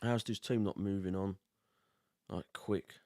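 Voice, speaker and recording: A man's voice: deep voice, fairly even intonation, a little slow, dark tone, no room sound, studio quality. A man hosting a livestream, chatting casually and grumbling tiredly about the game. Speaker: livestream host. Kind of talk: casual watch-along chat. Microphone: close podcast mic.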